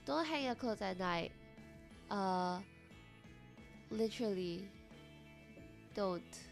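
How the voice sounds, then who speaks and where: A young woman streamer chatting casually with her viewers, reacting loudly and animatedly to chat comments. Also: mid-range voice, gravelly.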